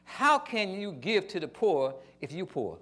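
An older male pastor preaching with a fairly high voice. He swings from quiet storytelling into loud, emphatic bursts, and his phrasing stays casual and folksy. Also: very animated, a little slow. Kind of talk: sermon.

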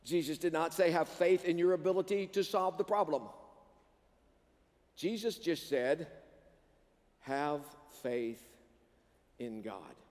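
A high-pitched male pastor preaches with animation and keeps calling on the congregation to answer back. His voice rings through a large sanctuary, trailing a long reverb. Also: normal speed, pauses often. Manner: animated preaching with call-and-response prompts to the congregation. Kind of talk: sermon. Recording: long reverb of a church hall.

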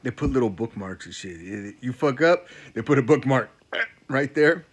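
A male comedian doing a profane stand-up rant, repeating lines and swinging from loud outbursts to low mutters. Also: expressive, moderate pace, breathy edge.

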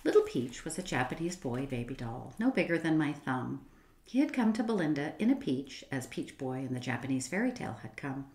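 A low-voiced woman reads a children's book aloud. Her delivery is expressive and gently paced, rising and falling a lot. The room lends a noticeable echo. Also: brisk. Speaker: storyteller. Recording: roomy echo.

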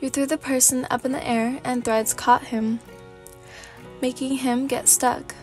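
A woman narrating a fanfic as a sleepy ASMR reading, in a calm, steady storybook manner. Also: high-pitched, a little slow, faint music behind.

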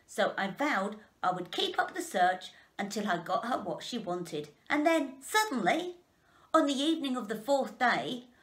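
A woman's voice: on the high side, a little slow. Boastful wealthy father, read by a woman for a storybook. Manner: bragging, lively storytelling. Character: boastful rich father, peanut factory owner.

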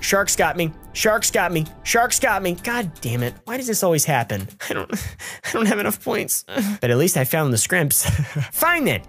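A woman hosting her channel, giving casual, excitable, jokey gameplay commentary with plenty of swearing, with faint music behind. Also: medium pitch. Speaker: gamer and channel host.

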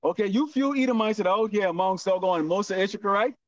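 A man preaching on the street in a loud, profane, scolding manner. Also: sits high, fast, no room sound. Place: outdoors, windy street corner. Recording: distant lo-fi outdoor recording.

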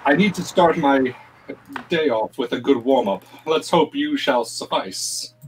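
A man voicing a cocky male sword-fighting warrior, speaking a measured, formal boast. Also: mid-range voice, slight background noise, natural voice, poor audio.

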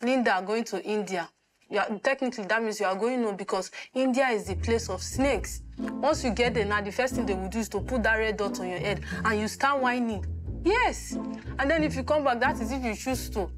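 A woman's voice: on the high side, brisk, over music, close to an everyday voice. An actress playing an overbearing, preachy female visa officer who sermonizes applicants, with a Nigerian accent.

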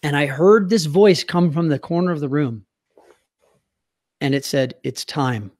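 A man's voice: on the high side, measured pace, darkish tone. Earnest middle-aged American man. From United States. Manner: earnest, heartfelt, at times choked up. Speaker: guest; youth hockey coach. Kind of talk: emotional personal storytelling.

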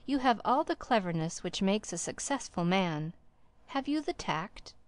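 A woman voicing a brisk, bustling middle-aged gentleman who talks in an abrupt, blunt way, in a storybook reading. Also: medium pitch, sing-song, no room sound. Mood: brusque.

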